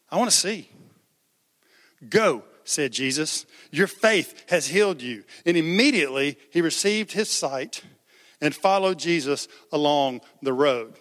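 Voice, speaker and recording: A man's voice: fairly high pitch, expressive, measured pace, pauses often, fairly bright tone, in a large hall. A man preaching a sermon as pastor, conversational, raising his voice for quoted cries.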